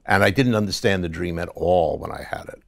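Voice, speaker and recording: Low gravelly man telling his story. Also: a bit bright, no echo, studio quality. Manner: halting, with restarts, recounting a dream. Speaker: interview guest. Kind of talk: testimony interview.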